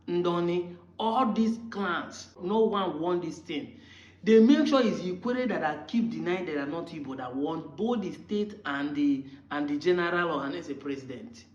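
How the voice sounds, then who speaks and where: A Nigerian man giving impassioned commentary, arguing hard and firing rhetorical questions at his critics. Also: sits high. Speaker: political commentator. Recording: roomy, dull lo-fi recording.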